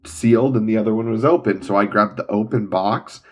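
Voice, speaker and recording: A man's voice: fairly low pitch, fairly quick. A young man and father chatting casually and with amusement about his toddler. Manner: amused, laughs while telling stories. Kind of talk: casual chat.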